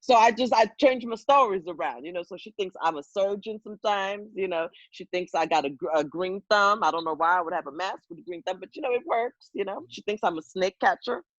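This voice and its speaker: A woman's voice: mid-range voice, fairly quick, hardly any pauses, no room sound. A woman comedian telling loose, profane stories in casual chat over a video call. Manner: loose, profane, animated storytelling. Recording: dull lo-fi video call audio.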